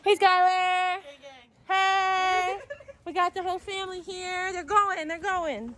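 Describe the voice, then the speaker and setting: A woman's voice: extremely high pitch, fairly even intonation, measured pace, fairly bright tone, slight background noise. A woman hosting an animal vlog, chatting to viewers in an upbeat way and cooing baby talk at puppies. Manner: upbeat, addresses viewers directly. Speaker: animal channel host. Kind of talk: casual vlog chat.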